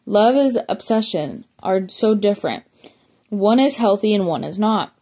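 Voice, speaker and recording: A woman's voice: mid-range voice, expressive, measured pace, warm tone. A woman reading the lines of a blunt female therapist, casual and direct. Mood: matter-of-fact.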